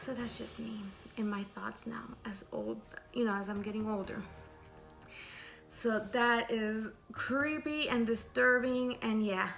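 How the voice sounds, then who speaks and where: A middle-aged woman telling a scary story in a chatty, lively way, stopping to ask rhetorical questions. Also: fairly high pitch, slow pace, vocal fry, soft background music.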